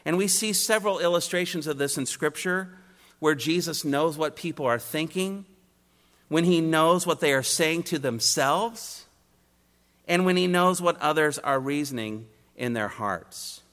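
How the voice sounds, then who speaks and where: A man delivers an expository sermon with a bright, forceful tone. He hammers his points home in repeated three-part phrases, and his voice rings out with the long reverb of a large hall. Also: on the high side, unhurried. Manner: emphatic, builds points in repeated rhetorical triads. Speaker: preacher.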